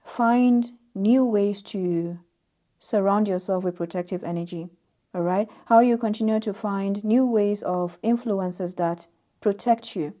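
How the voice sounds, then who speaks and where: A woman doing a tarot reading to her viewers, speaking softly and leaning gently into key words. Her voice is mellow and warm, pitched in a middle range for a woman. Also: measured pace. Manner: soft-spoken, reads oracle card text aloud with gentle emphasis. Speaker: tarot reader. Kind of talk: intuitive tarot reading to camera.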